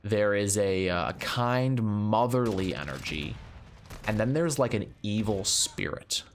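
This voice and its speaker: A female medium delivers a warning slowly and gravely, voiced by a man. She sounds low and measured. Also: lively intonation, slight background noise. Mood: ominous. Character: woman psychic medium, calm and ominous.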